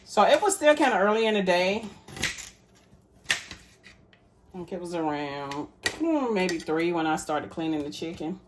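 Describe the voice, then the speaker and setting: Woman, relaxed cooking vlog chat, home kitchen, slightly low voice. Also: unhurried, long pauses, noisy background. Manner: chatty, addresses viewers as y'all. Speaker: cooking vlogger.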